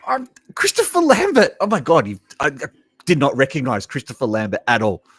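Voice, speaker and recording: A man hosts a casual live stream, talking straight to his viewers. His pitch swings freely up and down as he chats. The sound is dry and close, with almost no room around it. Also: brisk, slightly rough, no room sound. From Australia. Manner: chatty, talks to chat viewers, lively asides. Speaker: livestream host reacting to trailers. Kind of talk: casual live reaction chat.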